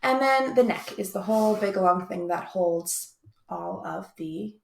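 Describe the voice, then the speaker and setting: A woman's voice: mid-range voice, unhurried, gravelly, reverberant. A young woman teaching an online music lesson in an upbeat, chatty way. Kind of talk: recorded video lesson.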